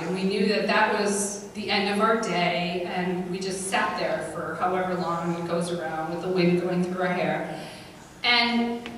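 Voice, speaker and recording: A woman's voice: lowish voice, a bit bright, slight background noise. A middle-aged woman giving a comedic scripture lesson, telling stories in a chatty, self-deprecating way. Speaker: speaker at a women's church gathering. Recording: echoey hall recorded from far off.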